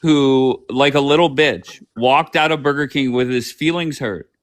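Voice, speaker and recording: A man's voice: medium pitch, measured pace. A man hosting a casual live-stream debate, bluntly questioning callers and handing the floor around. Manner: blunt, moderates callers by name.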